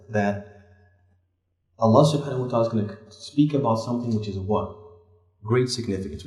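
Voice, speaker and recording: Leading a religious study workshop, a male Islamic teacher quizzes the class and fills in each answer himself, pushing his pitch upward to drive points home. It's interactive classroom teaching in a somewhat dark voice, captured in a room full of echo.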